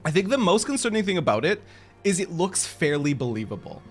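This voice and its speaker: A male game streamer with a high, sing-song voice chats casually and a little fast with his viewers, his pitch swooping as he jokes at his own expense. He's giggly and laughs often between remarks, while soft game music plays faintly behind him.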